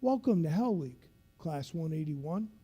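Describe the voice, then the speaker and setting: A man acting out a taunting male drill instructor who shouts through a megaphone. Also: a little high, animated, a little slow, breathy edge, highs cut off. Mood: stern.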